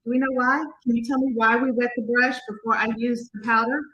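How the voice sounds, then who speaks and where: A woman's voice: fairly high pitch, little pitch movement, fairly quick, pushed and bright, rough recording. A woman demonstrating makeup in a casual tutorial, chatty and talking viewers through each step, sometimes quizzing them. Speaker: makeup artist demonstrating products.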